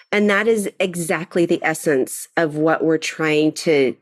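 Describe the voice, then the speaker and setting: A woman joins a podcast as a guest, talking in an earnest, expressive way. Her pitch moves around a lot as she speaks, and her voice sits mid-height. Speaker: podcast guest, charity executive. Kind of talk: casual podcast conversation.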